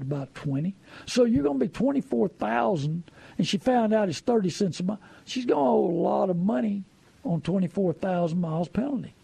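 A man's voice: sits high, gravelly, dark tone, husky, no room sound. A man giving folksy, preachy money advice, full of rhetorical questions. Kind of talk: casual advice talk.

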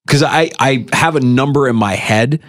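A man hosting a sports radio show, talking casually and animatedly, his pitch leaping when he makes a point. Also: moderate pace. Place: radio studio.

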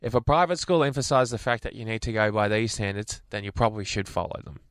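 A man's voice: lowish voice, fairly even intonation, fast talker, clean tone, no room sound, studio quality. A man co-hosting a radio show, chatting casually and teasing his co-host. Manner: playful, teasing, breaks into silly made-up songs.

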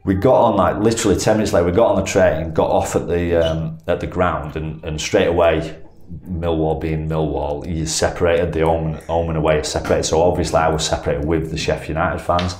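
Very deep-voiced man. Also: fairly quick. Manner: rambling, self-correcting, animated when retelling. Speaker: professional footballer guest. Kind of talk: casual storytelling anecdote. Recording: echoey room, faint background noise.

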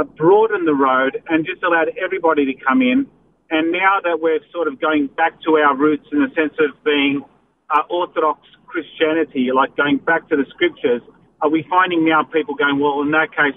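A man calling in to a radio show, hesitant and full of pauses. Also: a little high. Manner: hesitant, lots of uh and um. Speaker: caller. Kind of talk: call-in radio talk. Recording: tinny phone line with faint noise.

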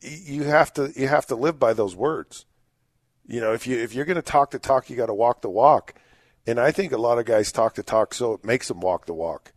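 Sports talk co-host guy, mid pitch, dry close mic, stumbles into his points. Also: a little fast, no room sound. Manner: opinionated, repeats words when starting.

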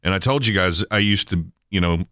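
A man hosting a radio show, chatting casually and telling animated stories. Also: low-pitched, fairly quick, no echo, studio quality. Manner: storytelling, animated in anecdotes.

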